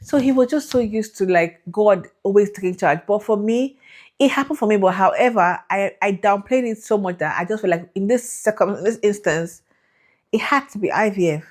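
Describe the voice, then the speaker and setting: A young woman telling her faith testimony in an animated, emotional way, laughing and acting out the people in her story. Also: medium pitch, normal speed. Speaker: vlogger sharing a faith testimony.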